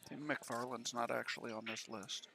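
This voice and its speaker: A man in casual pool commentary with a gravelly, fry-laden voice. His tone is bright and sharp. He talks in a matter-of-fact, informative way. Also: medium pitch, fairly even intonation, normal speed.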